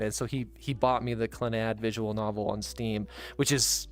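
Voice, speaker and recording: A young man hosting a casual podcast, telling a long story in a rambling way, with many fillers and restarts, and growing animated as he goes. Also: fairly low pitch, moderate pace, soft background music. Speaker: podcast host.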